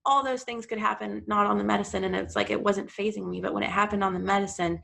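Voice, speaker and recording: A woman's voice: mid-range voice, steady tone, fast talker, creaky, fairly bright tone. A woman being interviewed as a podcast guest, reflective and earnest as she speaks candidly about a personal experience.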